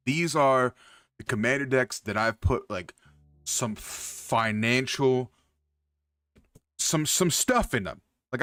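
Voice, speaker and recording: With no echo on the audio, a streamer host talks to his viewers in a mid-range, slightly bright voice. His casual chat is hyped, loose and full of profanity, aimed right at the chat.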